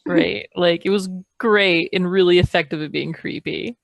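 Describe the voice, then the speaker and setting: A woman's voice: on the low side, moderate pace, vocal fry, no room sound. A woman playing in a tabletop game, chatting enthusiastically. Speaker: player. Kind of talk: casual chat at a tabletop game.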